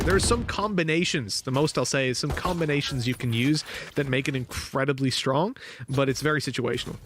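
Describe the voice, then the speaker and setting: A man's voice: fairly high pitch, noisy background. A man casting a live esports match over a headset, chatty and laughing between his points. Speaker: esports caster.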